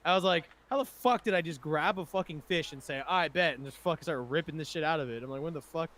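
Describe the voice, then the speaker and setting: A man's voice: a little high, fast, a bit bright. A young man telling rambling, profane stories in a casual chat among friends. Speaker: podcast co-host.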